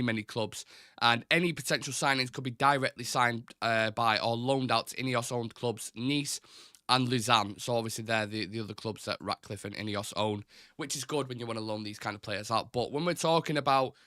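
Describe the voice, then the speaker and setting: Man, bright forceful voice, dry close sound, casual live-stream chat. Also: medium pitch, clear, resonant tone, no echo. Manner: chatty, reads out chat comments, restarts and fillers. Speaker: host of a live football fan show.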